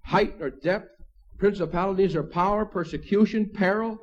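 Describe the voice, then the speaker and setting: A man's voice: high voice, normal speed, highs cut off. A man preaching a sermon in a conversational way, with asides and small chuckles. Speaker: pastor.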